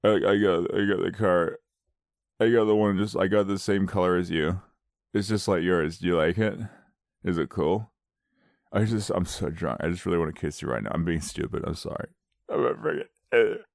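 A man's voice: sits low, moderate pace, gravelly, dry recording, clean studio sound, voice pushed down. A man playing a rambling, self-berating drunk young man who keeps blurting out apologies. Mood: drunk sheepish. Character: sloppy drunk young man, sheepish and clingy.

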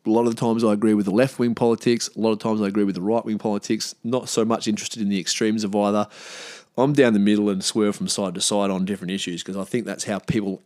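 A man's voice: flat delivery, fast talker. Heated, swearing Australian man. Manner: profane, heated and blunt, with sudden rises in pitch and loudness. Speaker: podcast host. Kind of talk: casual ranting podcast monologue.

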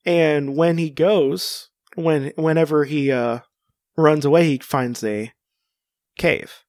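A man's voice: on the high side, slow, a little mellow, dry recording, studio quality. A man co-hosting a casual comic-book chat, rambling with many fillers and restarts. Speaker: podcast co-host.

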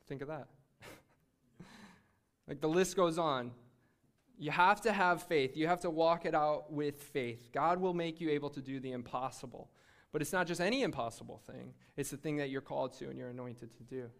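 Guy with a slightly high voice doing a sermon-ish testimony, excited, laughs a lot, trips over his words. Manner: animated, laughing, with frequent restarts. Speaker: speaker sharing a faith testimony. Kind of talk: sermon-style storytelling.

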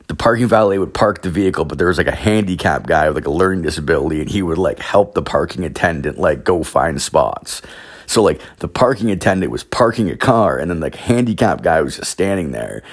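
A man hosting a podcast, telling stories in a rambling, profane way full of fillers. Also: low-pitched. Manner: profane, filler-heavy, with frequent "like". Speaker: podcast host. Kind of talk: rambling casual storytelling.

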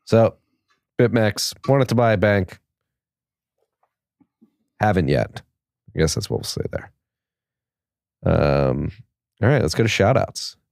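A man's voice: sits low, very animated, slow pace, vocal fry, long pauses, a little mellow, no room sound, studio quality. A man co-hosting a podcast in casual chat, loose and rambling with many fillers. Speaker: podcast co-host.

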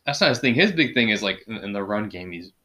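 A man hosting a casual podcast chat with friends, talking sports in an easygoing way. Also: fast talker. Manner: animated, does high-pitched impressions when quoting. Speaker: podcast host.

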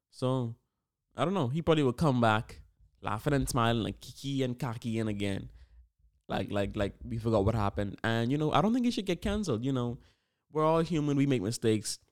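A man hosting a casual solo podcast, rambling and animated with lots of fillers, hyping things up. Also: mid-range voice. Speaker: podcast host.

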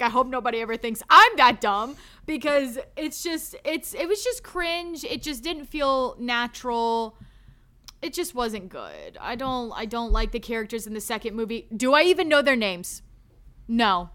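Bright, animated woman ranting casually. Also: sits high, moderate pace, clear, resonant tone. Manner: animated, exasperated ranting with frequent "like". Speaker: podcast co-host. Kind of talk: casual movie discussion. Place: recorded live.

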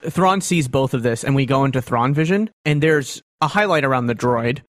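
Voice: medium pitch, animated, moderate pace, no room sound, clean studio sound. A tabletop player narrating a character's actions at length, with frequent fillers. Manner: descriptive, with many fillers.

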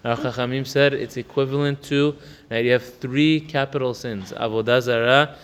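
A man teaching a religious text. He reads Hebrew passages quickly, explains them in English in a chatty way, and often asks "right?". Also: mid-range voice, fairly even intonation, clean tone, big-room sound. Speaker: Torah teacher. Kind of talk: text study lesson.

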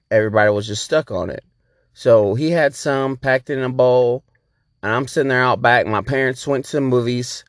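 A man's voice: medium pitch, dry recording. Chill guy rambling thru a story on a podcast, swears a lot, dry close sound. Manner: laid-back, profane, rambling. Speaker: podcast host. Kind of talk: casual storytelling.

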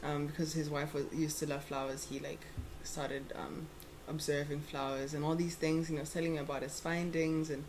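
A young woman in her twenties telling a story in casual chat, animated and laughing often. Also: sits low, normal speed, a little hiss or hum.

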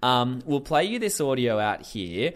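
A man hosts a casual commentary show in a loose, profane style, laughing between thoughts. His mid-range voice swings widely in pitch as he tells the story. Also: a little slow. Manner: animated, swearing, laughing often. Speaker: podcast host.

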